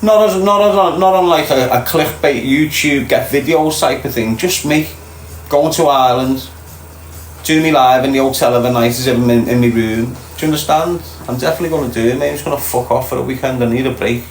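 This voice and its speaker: A little hiss or hum sits under this middle-aged Liverpool man's fairly quick, medium-pitched voice. He's hosting a casual livestream, reading viewer comments and talking bluntly with free swearing, in an echoey room with faint ambience.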